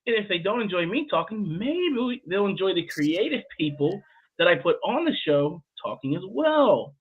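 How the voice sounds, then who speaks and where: A man's voice: high voice, very animated, normal speed, breathy edge, narrow, tinny audio. A man hosting a livestream show, hyping up guests and telling stories in playful slangy casual chat.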